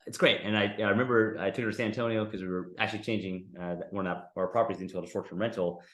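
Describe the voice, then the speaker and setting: A man's voice: on the low side, steady tone, very fast, a bit bright, echoey room. A man teaching a real estate investing class in a casual, conversational way, often tagging sentences with "right?". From United States.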